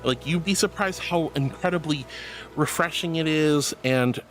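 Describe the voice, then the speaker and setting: Slightly high and a bit bright, this man's voice moves at normal speed. The VTuber streams in VR through a computer mic, casually chatting and reading chat aloud while being warm and effusive toward viewers.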